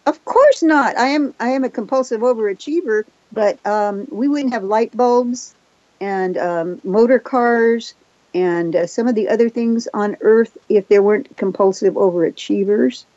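A woman raised in Japan with Japanese as her first language, a therapist and hypnotist telling her story fast and self-assuredly as a radio guest. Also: a little high, a little mellow, no echo, dull audio. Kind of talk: casual chat on a radio show.

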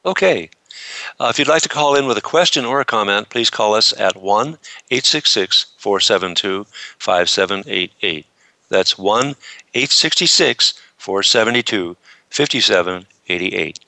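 A man's voice: fairly low pitch, normal speed, sharp tone, no room sound. A man reading out the call-in phone number, businesslike.

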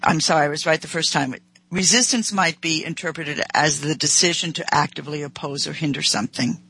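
A woman's voice: deep voice, fairly quick, fairly bright tone, slightly rough, poor audio. A middle-aged woman hosting a radio talk show, explaining workplace ideas in an emphatic lecturing way and quoting excuses in a raised voice. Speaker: host.

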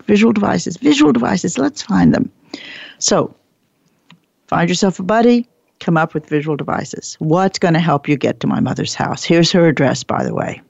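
Woman trainer, lecture talk, gravelly edge, dry dull lo-fi sound, animated, emphatic. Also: sits low, no echo. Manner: animated, acts out dialogue, emphatic repetition. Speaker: workplace trainer giving a talk. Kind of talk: lecture presentation.

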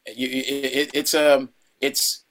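Rambling actor telling a set story. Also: male voice, mid-range voice, level tone, slow pace. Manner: rambling, many restarts, acts out a shouting director. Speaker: actor guest. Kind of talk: casual interview anecdote.

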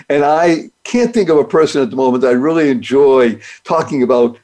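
A man's voice: medium pitch, animated, fairly quick, few pauses, warm tone. A man hosting his own show, giving a playful, upbeat motivational talk full of acronyms and wordplay. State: speaks despite paralysis from a rare disease. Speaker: podcast host. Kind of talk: motivational monologue.

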